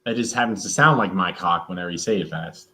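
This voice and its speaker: A man's voice: sits low, quick pace. A young man with a slight country twang, joking around in a casual family chat. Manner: relaxed, joking, lively intonation.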